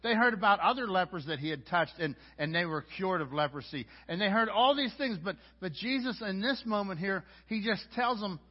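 A pastor with a high voice preaches in a loose, conversational way, often tripping over words and starting phrases again. The audio is dull and lo-fi, with the top end muffled. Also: male voice, animated, a little fast, few pauses, breathy edge. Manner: conversational preaching with frequent stammered restarts. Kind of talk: sermon.

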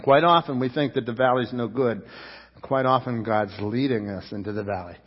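A man preaching a sermon, telling a story and then urging his listeners, his voice rising and then dropping to a hush. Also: mid-range voice, normal speed, slightly rough, long reverb tail, highs cut off. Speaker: pastor.

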